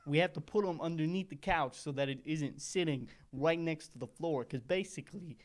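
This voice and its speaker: A man's voice: fairly high pitch, brisk, natural voice. A man voicing a poor, rambling small-time mafia henchman who talks like a tough guy and keeps digressing, as a comedic monologue. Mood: grumbling.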